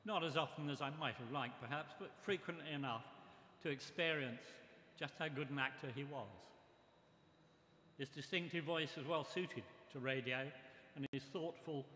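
An older man giving a memorial tribute speech, reminiscing in a measured way. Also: a little high, bright, forceful tone, a little hiss or hum. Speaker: memorial speaker. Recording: echoey hall with long reverb.

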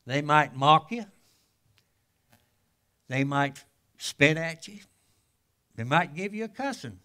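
An older man preaching a sermon in a folksy, homespun way. His voice sits a little high for a man, and he tells stories with plain, everyday grammar. He swings from loud bursts to quiet, hushed asides. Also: expressive, slow pace, clean tone. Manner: colloquial grammar. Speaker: guest pastor.

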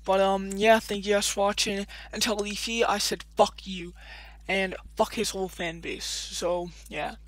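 A man's voice: high-pitched, fairly even intonation, unhurried, a bit bright, rough recording. A man doing a profane, defiant rant as a YouTuber addressing his viewers. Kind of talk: ranting vlog to camera.

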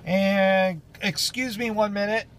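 A man's voice: high voice, steady tone, slow, fairly bright tone, a little hiss or hum. A man who drives runs chatting casually in a vlog update, rambling with many fillers and restarts. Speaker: truck driver vlogger.

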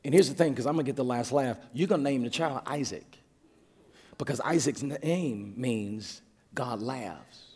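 A man preaching a sermon as pastor, building up to shouted passages. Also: mid-range voice, normal speed. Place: large church sanctuary. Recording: reverberant church hall.

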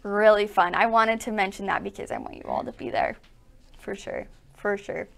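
Young woman gushing on a shop live video, laughs a lot, smooth clear voice. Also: medium pitch, fairly even intonation, moderate pace. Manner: bubbly, gushing, laughs often. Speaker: quilt shop co-host. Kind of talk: casual livestream chat.

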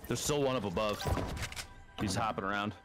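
A man's voice: lowish voice, a little fast, over music. A man in casual gaming chat, calling out enemy positions and reassuring his teammates. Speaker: streamer and squad member.

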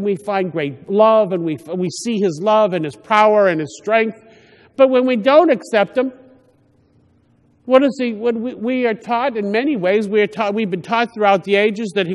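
A priest with a high, light voice delivers a homily, speaking plainly and often stopping to restart a thought. His words ring out with the long reverb of a church. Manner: conversational, halting with frequent restarts.

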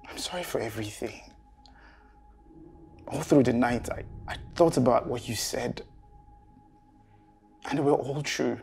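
A gravelly, jealous jilted lover. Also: male voice, mid-range voice, measured pace, long pauses, soft background music. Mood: pleading. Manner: shouting accusations, then pleading. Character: jealous, threatening jilted man, middle-aged. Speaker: jealous ex-partner. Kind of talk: film acting.

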